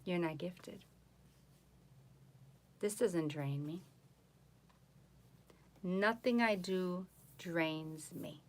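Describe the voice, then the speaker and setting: A woman tarot reader chatting casually on a live stream from home, boastful and animated, mocking others in voices. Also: on the low side, very slow, long pauses.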